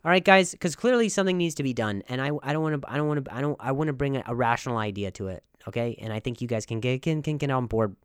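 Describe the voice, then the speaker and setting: A man hosting a comedy podcast, delivering an animated, mock-serious monologue full of stammers and restarts. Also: mid-range voice, fast, hardly any pauses, clear, resonant tone, no echo, clean studio sound. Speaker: podcast host.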